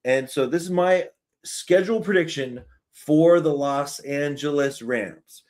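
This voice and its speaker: A man with a Canadian accent hosting a live sports fan stream, chatting in an excitable, talkative way. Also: on the high side, a little slow.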